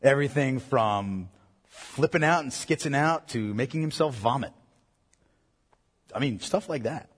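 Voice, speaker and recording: A pastor preaching a sermon to parents in an earnest, emphatic way. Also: male voice, medium pitch, lively intonation, measured pace, pauses often, breathy edge. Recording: long hall reverb.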